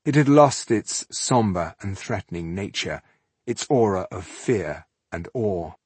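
A man narrating a fantasy novel in a steady, measured reading, with a husky voice. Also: low voice, dry recording. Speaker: audiobook narrator.

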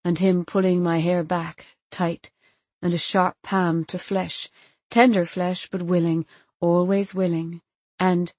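Woman narrator for a literary audiobook, quiet and intimate, lowish voice, dry close recording. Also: level tone, takes it slowly, no echo. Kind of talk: first-person literary narration.

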